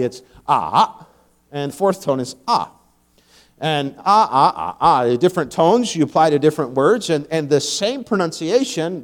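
A young man preaching a sermon, telling stories with frequent laughs and building to loud, emphatic peaks. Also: on the high side. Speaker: pastor.

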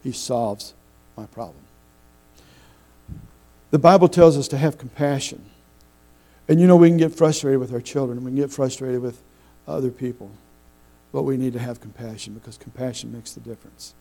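Folksy preacher, mellow voice. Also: male voice, medium pitch, fairly even intonation, gravelly, poor audio. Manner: folksy storytelling, halting restarts. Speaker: pastor. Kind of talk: sermon.

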